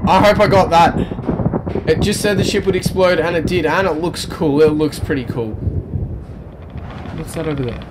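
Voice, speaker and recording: A man's voice: fairly high pitch, normal speed, long pauses, heavy background noise. A young man commentating his own gameplay, panicky and exclaiming, talking to himself as he plays. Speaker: let's play gamer.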